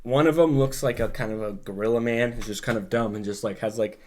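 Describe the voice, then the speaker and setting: Dude on a podcast rambling along, like like like, swears a bunch, normal pitched voice. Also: male voice, fairly quick. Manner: rambling, heavy on filler words and swearing. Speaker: podcast host. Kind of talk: casual chat.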